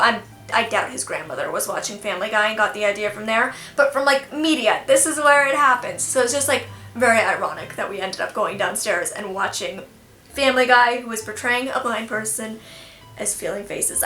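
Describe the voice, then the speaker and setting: A young woman with a bright, sharp voice tells a storytime tale in an animated, self-deprecating way, laughing often. She is recorded in an echoey room with faint music underneath. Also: on the high side, brisk. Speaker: vlogger. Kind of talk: storytime vlog.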